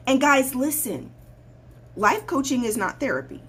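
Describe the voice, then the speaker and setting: A woman's voice: sits high, very animated, a little slow, fairly bright tone, husky. A woman life coach hosting her own show, talking straight to viewers in a blunt, preachy way and repeating points for emphasis. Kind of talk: livestream talk to viewers.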